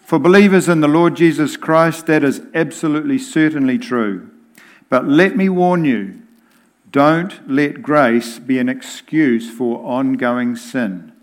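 A man preaching a sermon in a deliberate, emphatic way. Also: on the high side.

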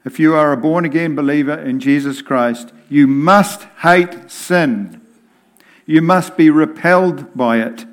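A man preaching a sermon in a deliberate, emphatic way. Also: a little high.

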